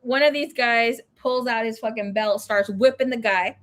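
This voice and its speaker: Chatty, profane woman with a high voice. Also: normal speed, fairly bright tone. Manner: frank, profane, chatty, switches into Spanish phrases. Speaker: tarot reader livestream host. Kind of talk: casual storytelling chat.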